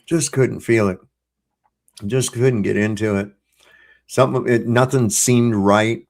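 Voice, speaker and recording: A man's voice: medium pitch, steady tone, unhurried. A middle-aged man hosting a live stream, chatting casually and telling loose stories full of swearing. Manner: loose, profane storytelling. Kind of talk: casual chat.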